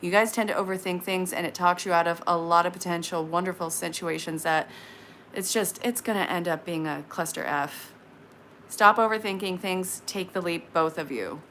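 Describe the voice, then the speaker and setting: A woman in her late thirties giving casual tarot readings on a live stream, chatty and frank with quick asides. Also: on the low side, fairly bright tone, a little hiss or hum. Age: 30s.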